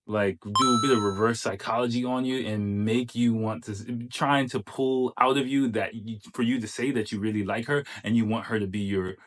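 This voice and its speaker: A man's voice: fairly low pitch, steady tone, normal speed, hardly any pauses. A man hosting, giving casual commentary on a clip, chatty and full of fillers and restarts. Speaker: host reacting to a clip.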